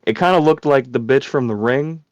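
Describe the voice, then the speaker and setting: This podcast host speaks in a mid-range, darkish voice at a fairly quick pace, meandering through a casual story packed with curses and fillers. The audio is dry and sounds dull and lo-fi.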